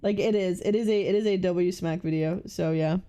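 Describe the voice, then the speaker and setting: A woman's voice: fairly low pitch, brisk, mellow. A woman streamer chatting casually close to the mic, with a blocked-nose sound, rambling, swearing and laughing as she reads chat aloud. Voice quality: blocked-nose sound with little nasal resonance. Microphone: very close to the microphone.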